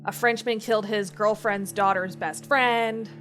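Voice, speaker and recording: A woman's voice: mid-range voice, steady tone, unhurried, a bit bright, soft background music. Chatty supportive woman co-host. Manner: chatty and supportive, many fillers. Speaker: let's play co-host. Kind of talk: casual gameplay chat.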